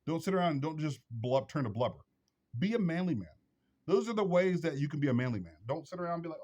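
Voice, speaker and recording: A man's voice: on the high side, lively intonation, fast talker, darkish tone, lo-fi sound. A man hosting a vlog, giving blunt advice in a preachy, repetitive, emphatic monologue. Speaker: vlog host.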